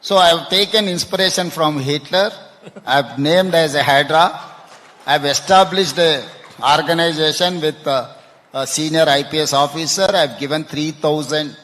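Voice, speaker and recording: A man answers questions at a public event, stumbling and repeating words as he goes. His voice sits a little high. The long echo of a big hall hangs behind him. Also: fairly bright tone, slight background noise. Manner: halting, repeats words, ends with "no?". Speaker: chief minister interviewed on stage. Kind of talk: panel interview answers. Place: conference hall stage.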